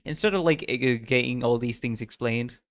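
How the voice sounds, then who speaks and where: This mid-range male voice moves fairly quickly. During a casual live stream of a story game, he jokes at his own expense, laughs a lot, and reads the game's story aloud.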